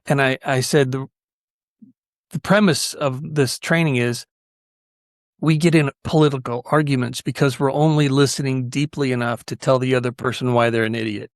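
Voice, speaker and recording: A podcast host tells stories in a conversational way, earnest and animated, and he keeps restarting his sentences. His voice is mid-range with fairly even intonation and a normal pace. The recording is dry and clean, with a studio sound.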